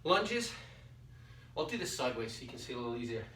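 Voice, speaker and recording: A male phys ed teacher talks students through exercises, counting reps aloud and a little out of breath between moves. His mid-pitched voice carries from a distance in an echoey room with faint noise behind it. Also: big pitch swings, fast, fairly bright tone. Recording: roomy echo, distant mic, faint background noise.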